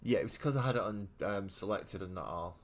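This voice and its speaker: Deep-voiced, foul-mouthed English man streaming. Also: brisk. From England. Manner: swears constantly, blunt and mocking, rambling banter. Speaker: streamer painting miniatures. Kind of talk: casual live-stream chat with viewers. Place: home hobby room.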